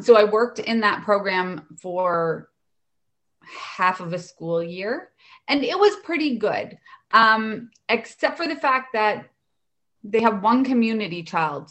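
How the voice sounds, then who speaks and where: A woman in her thirties, an educational assistant, telling lively stories about her work and acting out the voices of the people in them. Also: medium pitch. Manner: animated, acts out voices in anecdotes. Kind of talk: casual storytelling.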